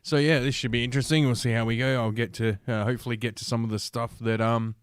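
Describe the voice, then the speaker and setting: A man's voice: mid-range voice, little pitch movement, fast talker, clear, resonant tone, dry recording, clean studio sound. Crude rambling male podcast host. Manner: crude, rambling, many fillers. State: drinking while talking. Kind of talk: casual solo podcast talk.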